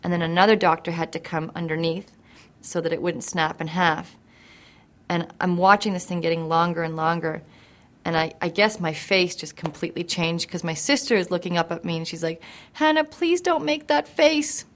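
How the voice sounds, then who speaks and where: A woman's voice: lowish voice, little pitch movement, fairly quick. Young woman telling a vivid story. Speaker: interviewee. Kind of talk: to-camera personal story.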